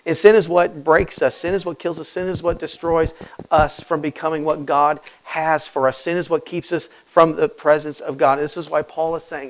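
A man preaching a sermon as pastor, moving from quiet, close talk to loud, urgent passages and acting out quoted voices. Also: a little high, little pitch movement, moderate pace, low-quality recording. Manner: acts out quoted voices and asks rhetorical questions.

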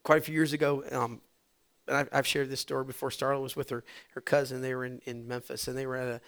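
A middle-aged male pastor preaching a sermon, dropping to hushed whispers and rising to loud shouts. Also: mid-range voice, little pitch movement, fast, clean tone.

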